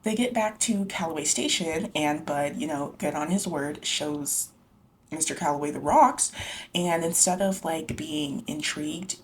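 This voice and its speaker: Low-voiced chatty woman recapping a book. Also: moderate pace, a little hiss or hum. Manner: chatty, slangy, lots of "like" and "you know", swears freely. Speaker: book vlogger.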